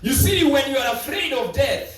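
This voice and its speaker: Man, preacher, sermon, high voice, dramatic storytelling, distant mic in church. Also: lively intonation, moderate pace. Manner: dramatic storytelling with repeated words. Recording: echoey church from far off.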